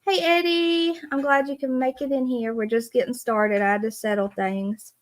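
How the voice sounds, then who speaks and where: A woman's voice: high-pitched, fairly even intonation, normal speed. Earnest woman streaming live. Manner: earnest, greets viewers by name. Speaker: livestream host. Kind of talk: casual live-stream talk.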